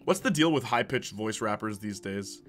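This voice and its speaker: A man's voice: on the low side, animated, normal speed, a bit bright, soft background music. A young man from Canada, a streamer chatting casually with his viewers, loose and joking, laughing often. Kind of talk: casual chat, reading live chat.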